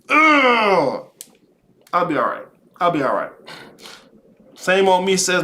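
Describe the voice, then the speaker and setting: A man with a high voice hosts a live stream and talks straight to his chat. He swears freely and sounds preachy. He drifts between quiet musing and loud, heated rants. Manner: profane, preachy, swings between muttering and ranting. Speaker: live show host. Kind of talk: casual live-stream monologue.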